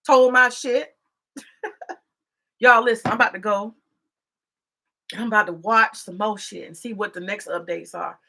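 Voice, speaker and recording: A woman's voice: medium pitch, a little slow, gravelly, long pauses, sharp tone. A woman commentator ranting heatedly in a casual monologue, profane and scolding, repeating herself as she gets worked up. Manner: repetitive, scolding. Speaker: political commentator.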